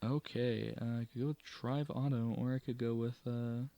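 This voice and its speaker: A man's voice: medium pitch, level tone, moderate pace, warm tone, slight background noise. Man reading a solo horror adventure aloud. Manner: self-correcting, stumbles and rereads words. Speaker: solo game player.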